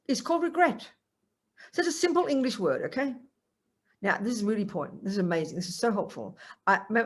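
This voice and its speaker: An older woman giving a Buddhist teaching to a group, animated and acting out the voices she quotes. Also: medium pitch, breathy edge. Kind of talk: Dharma talk to a group.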